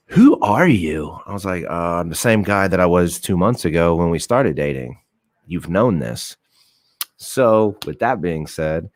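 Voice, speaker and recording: A man's voice: extremely low pitch, no room sound, clean studio sound. A young man hosting a live show, telling a profane dating story with acted-out quotes. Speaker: host. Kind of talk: casual storytelling to a live audience.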